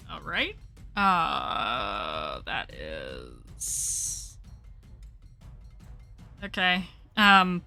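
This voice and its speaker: Bright-voiced woman running a tabletop game. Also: medium pitch. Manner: upbeat, laughs often between rulings. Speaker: game master.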